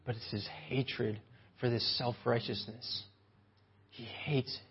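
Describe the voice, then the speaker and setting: A man's voice: mid-range voice, level tone, takes it slowly, gravelly, lo-fi sound, slight background noise. A man preaching a sermon with animation, often acting out mocking voices of the people he describes.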